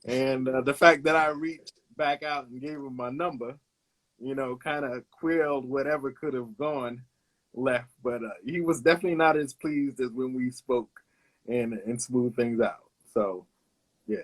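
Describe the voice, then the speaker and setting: A man in his fifties from Brooklyn, a guest illustrator telling stories in a relaxed interview with frequent "uh"s. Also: medium pitch, measured pace. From Brooklyn, New York. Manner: laid-back, anecdotal, hesitates with "uh", laughs along. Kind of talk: casual storytelling interview.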